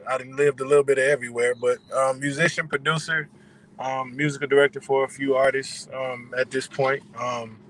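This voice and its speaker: A man joining an online panel by phone, speaking in a relaxed, plain-spoken way. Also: mid-range voice, a little fast, low-quality recording. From Houston area. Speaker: panel guest, minister of music. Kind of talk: casual online panel chat. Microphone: phone on a video call.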